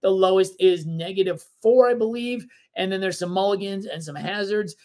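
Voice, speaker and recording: A man co-hosting a casual board game podcast, explaining rules in a relaxed, rambling way with plenty of fillers. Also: high-pitched, normal speed. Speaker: podcast co-host.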